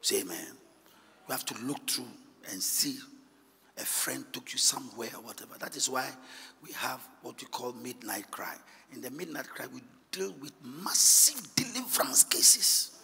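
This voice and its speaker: A male pastor, preaching a sermon in a church hall and swinging from hushed low asides to shouted, sing-song preaching. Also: moderate pace, breathy edge. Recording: long echoing church hall reverb.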